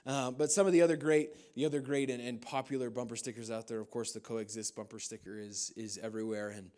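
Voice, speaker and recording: A man's voice: medium pitch, steady tone, fast, darkish tone. A man from the United States, a pastor, preaching a sermon at a church service, telling stories with humor and loose fillers.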